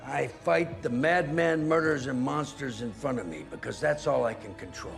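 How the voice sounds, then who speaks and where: An actor playing a weary older father figure who speaks slowly and earnestly in a dramatic TV scene. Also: medium pitch, vocal fry, soft background music, lightly acted. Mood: earnest, solemn. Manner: slow, measured, earnest speech. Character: weary older father, stern but principled. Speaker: patriarch figure in a TV series.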